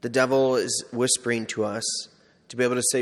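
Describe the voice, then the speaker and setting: Conversational preacher in an echoing hall. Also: male voice, mid-range voice, little pitch movement, brisk. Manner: conversational, acts out little scenes. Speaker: Catholic preacher or teacher. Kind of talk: informal sermon with storytelling. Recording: long hall reverb.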